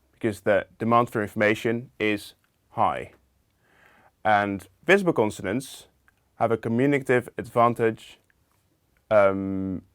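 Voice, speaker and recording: A man's voice: lowish voice, dry recording, studio quality. A man presenting a linguistics lesson in an explanatory video lecture, walking through the ideas methodically, step by step.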